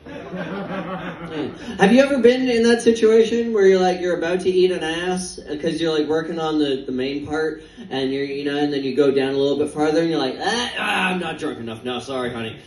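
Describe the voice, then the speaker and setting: A man's voice: a little high, steady tone, normal speed, a little mellow. A young man doing a stand-up set in a comedy club, rambling and stammering in a self-deprecating way. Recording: echoey club, distant mic.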